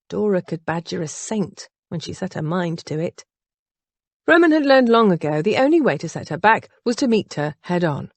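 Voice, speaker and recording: A woman narrating an audiobook in an expressive, varied way. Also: lowish voice, moderate pace, dry recording. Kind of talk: scripted narration.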